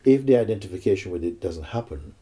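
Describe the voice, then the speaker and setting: Man, spiritual teacher, very dark mellow voice, husky, slow reflective pauses. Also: low-pitched, expressive. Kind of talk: spiritual dialogue.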